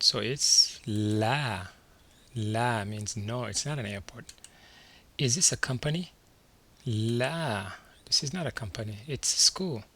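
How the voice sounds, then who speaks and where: Male teacher, unhurried, repeats every word for beginners; crisp bright voice, keyboard clicks nearby. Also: mid-range voice. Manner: slow, patient, repeats each word. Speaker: Arabic teacher. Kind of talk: slide-based language lesson.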